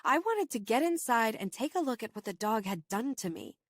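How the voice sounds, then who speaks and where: A woman reading a first-person horror novel aloud in steady, measured audiobook narration. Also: on the high side, dry recording, studio quality.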